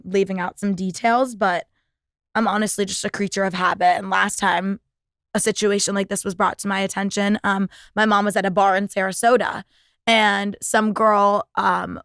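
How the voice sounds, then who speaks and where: A woman's voice: medium pitch, fairly bright tone, no room sound, studio quality. A young woman in her twenties hosting a podcast, telling stories in a chatty, profane way full of filler words. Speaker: podcast host. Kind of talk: casual storytelling monologue.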